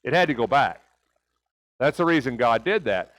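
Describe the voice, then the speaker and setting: A man's voice: medium pitch, very animated, normal speed, a bit bright, low-quality recording. A man teaching a church Bible class, asking rhetorical questions and often checking in with "right?".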